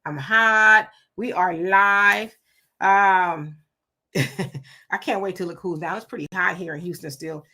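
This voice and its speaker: A middle-aged woman, hosting a live stream, reading viewer comments and telling stories in an animated, emphatic way; she is hot and sweating. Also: on the low side, slow. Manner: animated storyteller, emphatic and preachy when warning.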